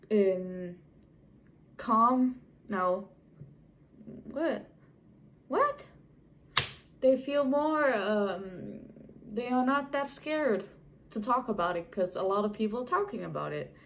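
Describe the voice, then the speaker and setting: A young adult woman vlogger talks casually and unscripted to camera, chatty and rambling with frequent restarts. Her voice is medium in pitch, and the recording is rough.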